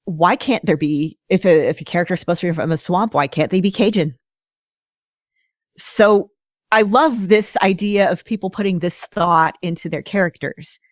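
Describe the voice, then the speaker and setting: Lady podcast cohost, kinda low voice, gets all excited, dry mic. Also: moderate pace, dry recording. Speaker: podcast co-host. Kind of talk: casual podcast chat.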